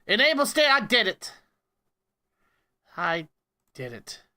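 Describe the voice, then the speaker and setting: In a high, sing-song, sharp voice and at a slow pace, a man livestreams prank phone calls and chats casually. He jokes around and mutters to himself while fiddling with his stream settings.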